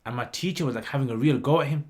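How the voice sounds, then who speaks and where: A man, hosting a livestream and telling a story in a rambling, lively way with lots of fillers. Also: medium pitch, racing. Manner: rambling, animated retelling with many "like" and "you know" fillers. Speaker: channel host.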